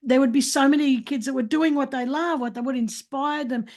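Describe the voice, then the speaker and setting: A woman in her sixties hosting an interview, talking in an emphatic, animated way with frequent restarts. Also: sits high, brisk. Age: 60s. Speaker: podcast host. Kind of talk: casual interview chat.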